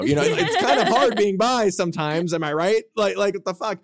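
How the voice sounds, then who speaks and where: A man's voice: high-pitched, expressive, a little fast, no room sound, clean studio sound. A man in his twenties telling candid, profane stories as a guest author on a casual podcast.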